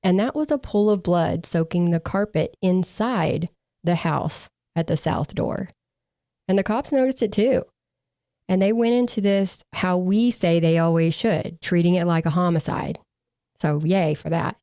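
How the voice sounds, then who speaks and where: A woman's voice: fairly low pitch, measured pace, dark tone, no echo. A woman co-hosting a true crime podcast, reading from case reports with dry, sarcastic asides.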